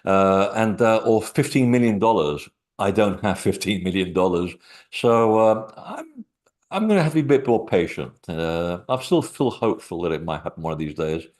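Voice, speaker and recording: A middle-aged man with a lowish voice, speaking as an interview guest. He wanders from story to story and hesitates often. His delivery is easygoing and conversational. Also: lively intonation, moderate pace, a little mellow. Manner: rambling, anecdotal, many fillers. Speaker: author and guest. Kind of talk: casual interview talk.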